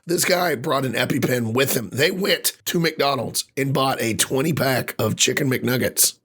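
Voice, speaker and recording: A man co-hosting a casual podcast, ranting with lots of swearing, his voice a little rough from recovering after losing it. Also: mid-range voice, moderate pace. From Ireland. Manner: animated ranting with frequent swearing. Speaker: podcast co-host.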